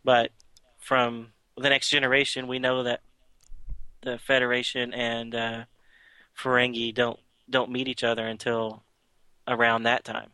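Bright-voiced man recapping a comic. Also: medium pitch, completely flat delivery, a little slow, clear, resonant tone, no echo. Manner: rambling, with many fillers and restarts. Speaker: podcast co-host. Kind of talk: casual chat recapping a comic.

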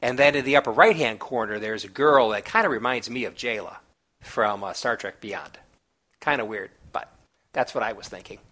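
A man reviewing comic books, recapping the plot in a relaxed, chatty way with small asides. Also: fairly low pitch, moderate pace.

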